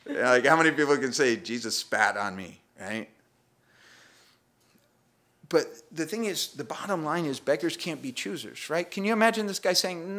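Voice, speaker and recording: With a fairly high, animated voice that sounds pushed and bright, this pastor preaches at a moderate pace in church. He's casual and quick to joke at his own expense, acting out voices and laughing over the scripture.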